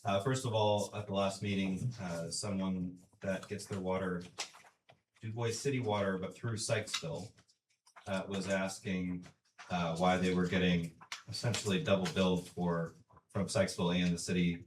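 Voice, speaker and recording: Man, very deep voice, monotone, matter-of-fact, roomy echo, far from the mic. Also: moderate pace, noisy background. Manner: matter-of-fact, dry, many uhs. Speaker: city management official. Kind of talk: answering public questions at a council meeting. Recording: roomy, distant council chamber mic.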